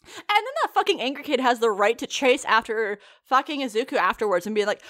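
An animated woman from the United States talks in a loose, casual chat, laughing often and swearing freely. Her voice sits a little high. She speaks in lively bursts. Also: a little fast. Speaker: podcast co-host reacting to an anime.

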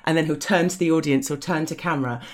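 A woman's voice: low-pitched, steady tone, fast. A woman with a posh English accent, chatting frankly as an interview guest, swearing freely and laughing often. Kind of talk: casual interview chat.

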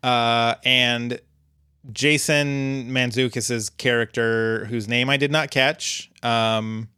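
A man co-hosting a podcast, recapping an episode in a relaxed way with dry humor and lots of ums. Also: medium pitch, slow, clear, resonant tone, no room sound. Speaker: podcast co-host.

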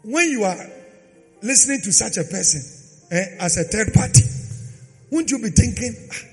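A pastor preaching a dramatic sermon, swinging from loud sung phrases to quiet asides. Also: male voice, high-pitched, animated, moderate pace. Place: church hall. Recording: long hall reverb with faint music.

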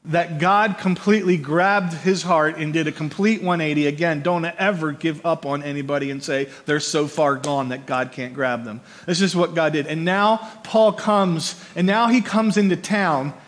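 A man preaching a conversational sermon, animated and often checking in with his listeners by asking "right?", repeating words as he builds his points. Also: a little high, normal speed, few pauses. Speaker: pastor.

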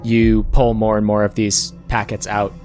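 A man running a tabletop game as game master, narrating scenes in a measured way with small pauses and restarts. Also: on the low side, completely flat delivery, a little mellow, faint music behind.

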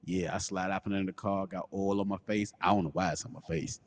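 A man co-hosting a casual comedic podcast, telling animated stories and slipping into low, breathy put-on voices. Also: a little fast, in a large hall. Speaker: podcast co-host.

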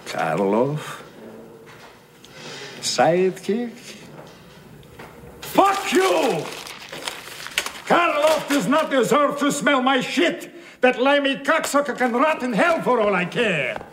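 An actor playing an aging, vain, hot-tempered horror film actor, exploding into profane, theatrical rants in a film scene. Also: male voice, very high voice, sing-song, takes it slowly, long pauses, noisy background, exaggerated voice. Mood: furious. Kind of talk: film dialogue.

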